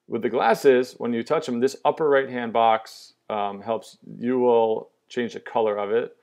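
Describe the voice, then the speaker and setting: A young man walks through an app demo casually and with enthusiasm, staying upbeat and loose and using plenty of fillers. His voice is on the low side with a darkish tone.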